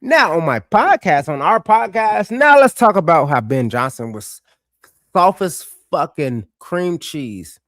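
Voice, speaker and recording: A man co-hosting a sports podcast, telling stories in a profane, animated way. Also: a little high, a little slow, dry recording, clean studio sound. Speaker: podcast co-host. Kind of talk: casual sports chat.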